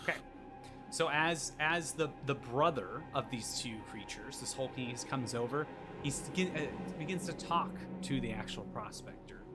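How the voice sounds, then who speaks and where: A man narrates a tabletop game as game master, describing scenes at an easy pace with fillers along the way. His voice sits at a middling pitch, and music plays clearly behind him. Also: expressive, normal speed. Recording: background music.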